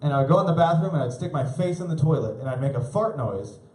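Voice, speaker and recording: A young man doing a live stand-up set, rambling and laughing at his own stories, jumping into high shouty voices for the people he quotes. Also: expressive, quick pace. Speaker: stand-up comedian. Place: live comedy club stage. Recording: roomy club sound.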